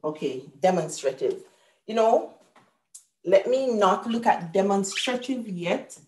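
A woman's voice: medium pitch, very animated, slow pace, a little mellow, echoey room. A woman teaching a live grammar lesson at a whiteboard, explaining patiently step by step and correcting herself aloud. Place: room with a whiteboard.

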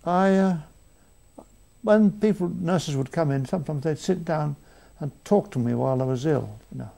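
A man's voice: on the high side, normal speed, creaky, warm tone. An older man telling rambling, self-mocking anecdotes as an interview guest. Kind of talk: conversational interview. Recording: archive broadcast.

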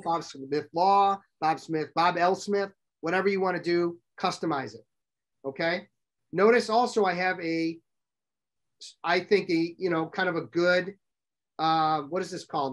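A middle-aged man presenting a workshop to a live audience, brisk and direct, often asking the audience questions. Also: high voice, fairly bright tone.

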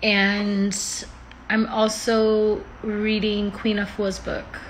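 A woman's voice: medium pitch, monotone, extremely slow, a little hiss or hum. A woman chatting casually on a phone livestream from home, rambling, swearing freely and laughing often.

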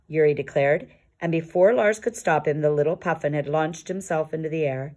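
A woman reading a children's picture book aloud in a calm, expressive storytelling manner. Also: low voice, normal speed. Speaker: storybook reader.

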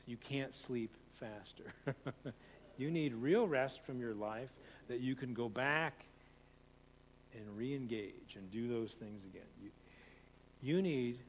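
A man preaching a conversational sermon as pastor, repeating phrases and speeding up as he tells stories. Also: mid-range voice. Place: church sanctuary. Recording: long hall reverb, faint hum.

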